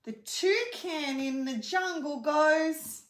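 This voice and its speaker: A young woman, a speech pathologist, leads a children's lesson, teaching hand signs and singing a simple animal song in a sing-song way. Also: high voice. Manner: sing-song, slow and clearly paced for a child. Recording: roomy echo.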